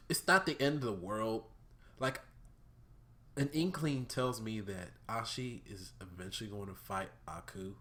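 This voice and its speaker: A young man hosting his own vlog, giving a casual, profane review of a cartoon episode, swinging between loud outbursts and subdued talk. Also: medium pitch.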